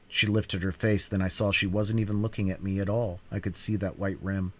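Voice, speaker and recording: A male reader performs a cold-read audiobook narration with a measured, quiet delivery. His voice is very low and deep, and his pacing stays even and steady.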